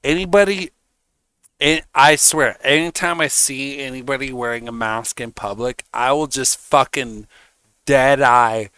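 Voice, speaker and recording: A man's voice: medium pitch, unhurried, pushed and bright, clear, resonant tone, dry recording. A man streaming, ranting casually in a heated, mocking way, swearing constantly. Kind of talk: casual rant.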